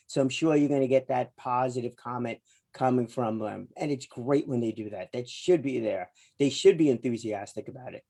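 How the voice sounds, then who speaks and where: A male interview host with a somewhat high voice who talks in a loose, rambling, chatty way. He laughs easily as he goes. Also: warm tone. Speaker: podcast host. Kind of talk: casual interview hosting.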